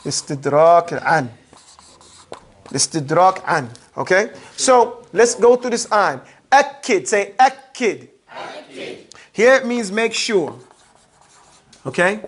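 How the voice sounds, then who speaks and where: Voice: mid-range voice, sing-song. A grammar teacher in a casual classroom lesson who keeps asking students questions and checking that they follow. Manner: drawls out terms slowly to drill them.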